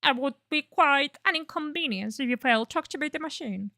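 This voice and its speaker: A woman's voice: high-pitched, expressive, a little fast, bright, forceful tone, dry recording, studio quality, heavily acted. A woman putting on a sneering male villain.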